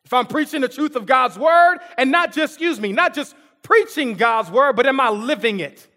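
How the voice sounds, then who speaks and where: A man's voice: very high voice, expressive, moderate pace, bright, forceful tone, big-room sound. A male pastor preaching a sermon in a church auditorium, in a conversational way with repetitions and asides to the congregation.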